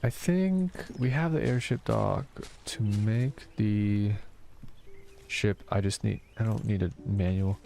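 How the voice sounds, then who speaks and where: A man in his thirties, a streamer chatting casually while gaming, soft-spoken because he is tired and low on energy. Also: takes it slowly, vocal fry, slight background noise. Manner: soft-spoken, reading and answering chat.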